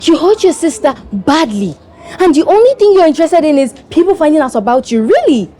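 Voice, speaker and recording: An actress playing an indignant young friend, reproachful, with a Nigerian accent. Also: female voice, sits high, big pitch swings, fairly quick, dark tone.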